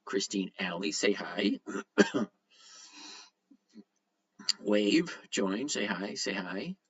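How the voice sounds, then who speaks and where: A man's voice: on the low side, animated, very slow, fairly bright tone. Chatty man hosting a lo-fi livestream. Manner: chatty, greets viewers by name, reads comments aloud. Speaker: livestream host. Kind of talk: casual livestream chat. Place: at home.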